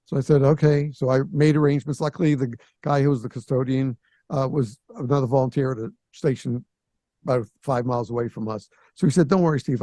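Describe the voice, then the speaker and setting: Animated older male storyteller, mellow tone. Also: medium pitch, no echo. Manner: animated storyteller who acts out quoted voices. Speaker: podcast host. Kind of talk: casual storytelling.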